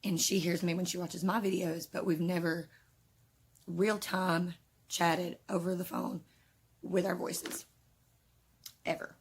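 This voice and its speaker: A woman's voice: fairly low pitch, little pitch movement, takes it slowly, pauses often, breathy edge. A woman vlogging casually to her viewers, nervous and flustered, rambling with lots of fillers. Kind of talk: casual vlog talk to camera.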